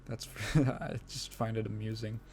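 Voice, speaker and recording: Lowish and a little mellow, this podcast host's voice stays level at a measured pace, with slight background noise. Alone on his gaming podcast, he rambles in a casual way, curses freely, and keeps breaking into laughter mid-sentence.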